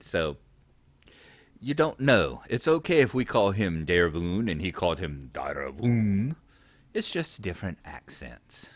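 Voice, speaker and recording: Low, lively male game commentator. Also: a little slow, no echo. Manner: reads quest text aloud, chatty asides. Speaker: gaming channel host. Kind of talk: casual gameplay commentary.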